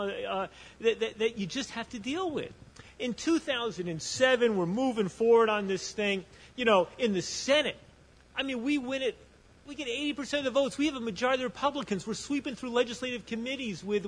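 A man's voice: extremely high pitch, fairly bright tone, long reverb tail. A man speaking on a panel at a conference, telling a story with animation and often restarting his sentences. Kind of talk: conference talk.

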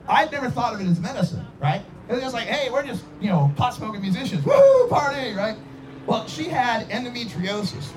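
A man's voice: high-pitched, slight background noise. A man in his forties telling a rambling personal story in a casual way, acting out voices and sound effects as he goes. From Idaho.

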